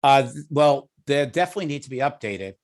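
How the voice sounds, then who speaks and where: Man, Long Island accent, committee chair; easygoing, thinks aloud, mid pitch. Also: animated, fast. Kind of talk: meeting discussion.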